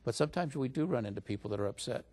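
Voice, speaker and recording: A man as an interview guest, retelling a story in a conversational, animated way and jumping up in pitch when he quotes others. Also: rapid-fire.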